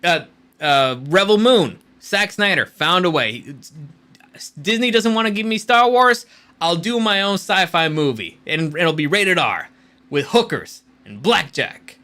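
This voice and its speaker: A man's voice: high-pitched, expressive, measured pace, sharp tone. A man hosting a casual commentary show, talking in a blunt, opinionated and sometimes profane way. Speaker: host.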